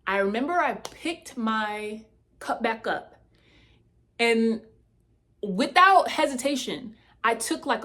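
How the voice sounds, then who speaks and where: Animated woman telling a personal testimony. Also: fairly high pitch. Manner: animated storytelling, talks straight to listeners. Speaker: testimony speaker.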